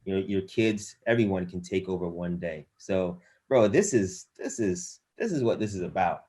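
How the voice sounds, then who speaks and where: A man's voice: low voice, expressive, moderate pace, a little mellow. A man hosting a video-call interview as a course coach, enthusiastic and motivational, stringing together long lists of phrases.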